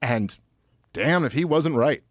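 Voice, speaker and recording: Animated man talking politics, dry mic. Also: a little high, takes it slowly, no room sound. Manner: animated, many fillers and restarts. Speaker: podcast guest. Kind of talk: casual political talk.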